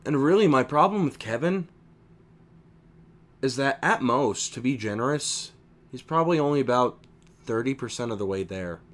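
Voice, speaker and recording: A young man streaming a video game, chatting casually in an animated, opinionated way, with lots of fillers and restarts. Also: medium pitch, moderate pace, long pauses. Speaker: streamer and voice impressionist. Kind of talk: casual chat while gaming.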